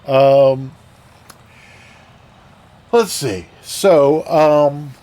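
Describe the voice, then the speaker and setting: A man's voice: on the high side, very slow, mellow. Rambling, chatty man streamer. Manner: chatty, rambling with fillers and restarts. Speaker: flight sim streamer. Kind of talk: casual live-stream chat.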